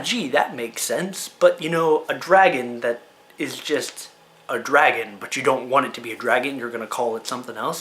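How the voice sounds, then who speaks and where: A man ranting to camera in a casual opinion video, firing off exasperated rhetorical questions and talking fast in bursts. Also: a little high, sharp tone. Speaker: card game video creator.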